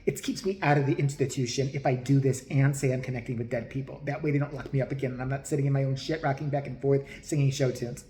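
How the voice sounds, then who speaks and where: A man doing a mocking impression of a soft-spoken, prim and smug young male psychic. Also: mid-range voice, fairly even intonation, quick pace, few pauses, a little hiss or hum, natural voice. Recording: roomy echo.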